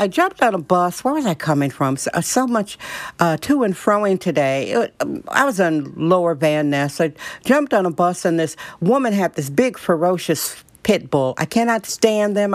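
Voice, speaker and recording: A woman's voice: lowish voice, dry recording. Blunt, opinionated woman podcast host. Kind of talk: casual monologue to listeners.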